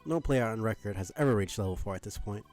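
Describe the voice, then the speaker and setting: A man's voice: lowish voice, expressive, fast, darkish tone, faint music behind, natural voice. A man doing a pompous self-appointed rule enforcer. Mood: stern. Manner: lecturing, stiff and accusatory.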